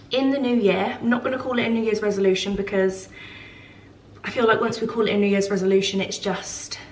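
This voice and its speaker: A woman's voice: medium pitch, a little hiss or hum. A young woman chatting casually to camera about her home and family, full of fillers and gushing asides. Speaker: lifestyle vlogger. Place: home with farm animals nearby.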